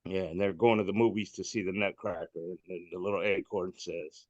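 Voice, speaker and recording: A man's voice: sits low, fairly even intonation, fairly quick, a little mellow, no echo, dull audio. A man hosting a casual podcast, describing memes in a joking, irreverent way over a video call. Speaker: podcast host.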